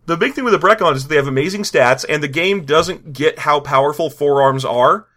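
A man's voice: fairly high pitch, a little fast, sharp tone. A man co-hosting a casual chat about a tabletop game, joking and laughing often and restarting his sentences. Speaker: podcast co-host.

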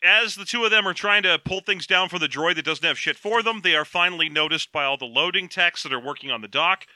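A man co-hosting a casual chat, recapping a story with jokes and quick character asides. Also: a little high, no echo. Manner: animated, jokey, acts out characters in quick asides. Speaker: podcast co-host.

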